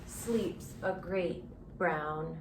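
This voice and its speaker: A woman's voice: on the low side, drawn-out words, reverberant, background noise. A woman librarian reading a picture book aloud at children's story time, stopping often to ask the children questions. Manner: interactive, asks children questions.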